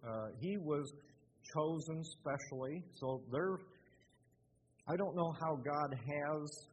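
An older man preaching in a church, halting with many fillers and restarts. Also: on the high side, husky. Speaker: lay preacher. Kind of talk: sermon. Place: church sanctuary. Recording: muffled, with a long hall echo.

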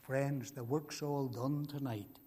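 A man's voice: medium pitch, fairly even intonation, takes it slowly, mellow, a little hiss or hum. An older man preaching an evangelistic sermon, emphatic and pleading, repeating his key phrases. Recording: long hall reverb.

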